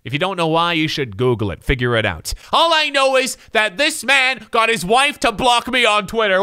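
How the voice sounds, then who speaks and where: A young gaming commentator with a high voice that leaps all over the place. He talks in a loud, sarcastic way, jumping from yelps to low mutters. Music plays clearly under him. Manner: loud, animated and sarcastic, swinging between shouts and mutters. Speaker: gaming YouTuber. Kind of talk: video game commentary.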